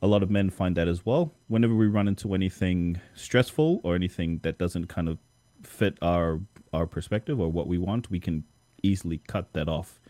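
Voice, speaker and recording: Young guy hosting a podcast, really low voice, dry sound, kinda hesitant. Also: normal speed, dark tone, no room sound. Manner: thoughtful, hesitant, repeats words. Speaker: podcast host. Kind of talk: casual conversation.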